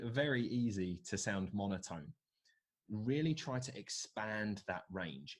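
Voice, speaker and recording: A man teaching presentation skills to a live online workshop from a video call, reading out and answering what participants suggest. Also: low voice. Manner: coaching, reads out participant answers.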